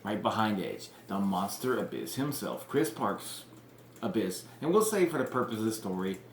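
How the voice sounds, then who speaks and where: Man, low voice, casual rambling monologue, lots of "like" and "you know", blunt, echoey room. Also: very animated, normal speed, a little hiss or hum. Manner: rambling, full of "like" and "you know", acts out quotes; blunt, swears freely. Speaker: wrestling fantasy-booking vlogger. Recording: roomy echo.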